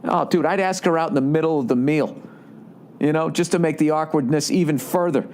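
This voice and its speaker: A man's voice: fairly high pitch, fairly quick, darkish tone, a little hiss or hum. Blunt, profane man hosting a podcast. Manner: blunt, profane, rambling asides. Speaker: podcast host. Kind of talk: reading listener letters and giving advice.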